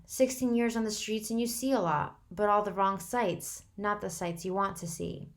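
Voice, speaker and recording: A woman reads a novel aloud to her students. Her narration is steady and unhurried, plain and attentive to the story. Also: medium pitch. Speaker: teacher reading to a class.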